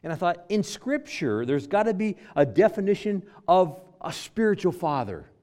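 A middle-aged male pastor preaching a sermon, emphatic and repetitive, dropping low and quiet to stress key words. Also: very animated, normal speed.

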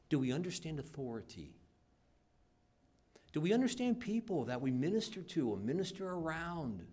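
A man preaching a sermon and leading a prayer, swinging from loud, emphatic lines to soft, near-whispered ones and acting out quoted speech. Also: mid-range voice, husky. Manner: acts out quoted lines in voices. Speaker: pastor.

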